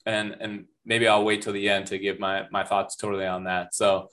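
A man's voice: fairly low pitch, completely flat delivery, moderate pace, fairly bright tone. A man co-hosting a casual movie review chat, thoughtful and asking his partner questions. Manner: thoughtful, asks questions, laughs easily. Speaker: podcast co-host.

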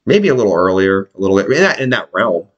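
A man's voice: low voice, very animated, fast talker, dull audio. A man telling a story in casual, profane chat and acting out the people in it.

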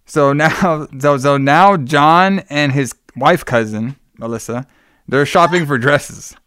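A man's voice: a little high, slow pace, fairly bright tone, clear, resonant tone, no room sound, clean studio sound. A man casually recapping a horror movie plot with a podcast co-host. He rambles, swears often and fills his speech with "like" and "you know". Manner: rambling, profane, many fillers.

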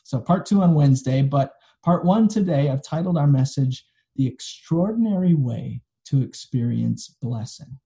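A man's voice: medium pitch, expressive, normal speed, vocal fry, mellow. A man, a pastor, preaching a sermon in a conversational, folksy storytelling manner, recorded for an online video.

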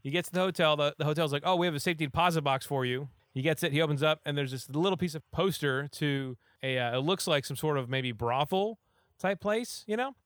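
Male podcast host, chatty rambler who acts out quotes, quick and slightly high, clean and dry. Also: fairly bright tone, smooth, no room sound. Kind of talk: casual movie recap.

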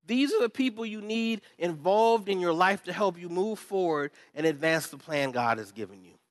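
A fired-up man preaching to his church with a slightly high voice. He swings between loud, rallying calls and hushed, wry asides, often slipping into other people's voices. The sound is close and dry. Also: normal speed, no room sound. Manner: animated, swings from loud pumped-up shouting to quiet asides, acts out quoted voices. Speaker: pastor. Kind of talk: sermon.

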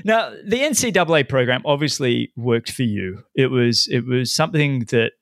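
Gravelly Australian male host, dry sound. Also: medium pitch, lively intonation, moderate pace, no echo. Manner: enthusiastic, chatty, encouraging. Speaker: podcast host. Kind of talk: conversational interview.

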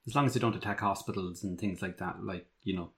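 A man's voice: low voice, fast. A man chatting on a casual podcast in an easygoing, conversational way. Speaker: podcast co-host.

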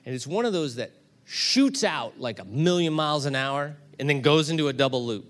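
A middle-aged man pastor preaching a sermon, telling a story that builds to loud, animated peaks. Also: fairly high pitch, normal speed.

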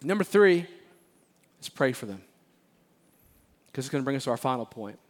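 In a church sanctuary, a pastor preaches a sermon with animated emphasis, often repeating phrases and playfully acting out Bible characters. His voice is mid-range and he speaks at normal speed.

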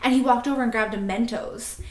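A woman in her twenties from Canada, chatting casually on a podcast and telling a story in an animated way, acting out quotes. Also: fairly high pitch, reverberant. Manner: animated, quick, laughing asides, acts out quotes. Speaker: podcast co-host.

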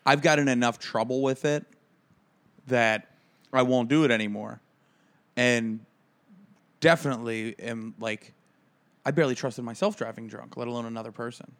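Man, podcast co-host, casual chat, mid-low voice, stammers, animated retelling. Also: moderate pace, long pauses. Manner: animated storyteller, acts out quotes loudly; stammers and restarts.

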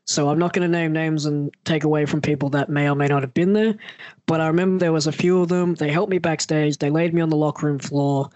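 A man's voice: fairly high pitch, fast talker, no room sound. A man, a wrestler, telling a story in casual talk and acting out the voices he quotes. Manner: animated, acts out quoted voices.

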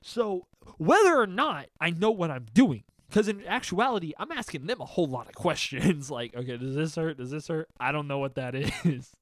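A man's voice: a little high, very animated, moderate pace, hardly any pauses, a bit bright, dry recording. A young man telling a funny story in casual chat, acting out his friends' voices and laughing often.

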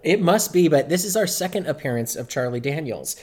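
A man's voice: fairly high pitch, animated, a little fast, a little mellow. A man co-hosting a podcast in casual chat, rambling loosely and swearing freely. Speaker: podcast co-host.

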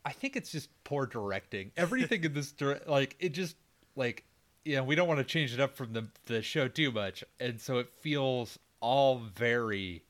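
A man's voice: medium pitch, lively intonation, normal speed, a bit bright. A man co-hosting a casual movie podcast, rambling and swearing freely as he recaps the plot. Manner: swearing, laughing, loose rambling. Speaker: podcast co-host.

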